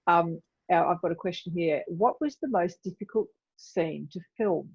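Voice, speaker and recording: A woman moderating a panel over a video call, wrapping up with quick thanks. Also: on the low side, a little mellow, husky, dull audio.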